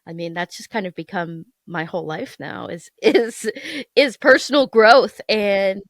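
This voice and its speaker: A woman's voice: mid-range voice, measured pace, no echo, studio quality. A woman in her thirties from Michigan, a guest on a podcast, talking in a rambling, self-deprecating way and laughing often. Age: 30s. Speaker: guest, content creator. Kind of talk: casual interview chat.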